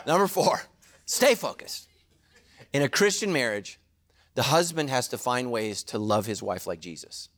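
A middle-aged man preaching a sermon as a pastor, animated and jokey, with quick asides to the congregation. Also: medium pitch.

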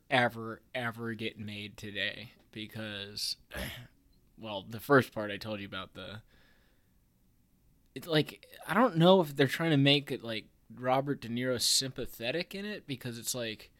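A man in his thirties hosting a podcast, chatting casually with lots of fillers, restarts and wry asides. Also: mid-range voice. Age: 30s. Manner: rambling, filler-heavy, self-interrupting; wry, chuckles at his own jokes. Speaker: podcast host.

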